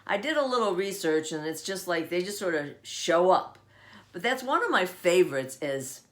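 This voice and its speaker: A woman's voice: fairly low pitch, very animated, normal speed, a bit bright. A middle-aged woman hosting her own podcast, chatting on her own and laughing often as she acts out everyday sayings. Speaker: podcast host. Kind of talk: casual solo podcast musing.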